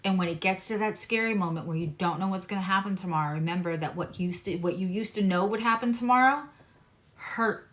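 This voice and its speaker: A woman's voice: medium pitch, a little fast, a bit bright. A woman astrologer giving a casual, earnest tarot reading, speaking straight to her viewers in a reassuring way.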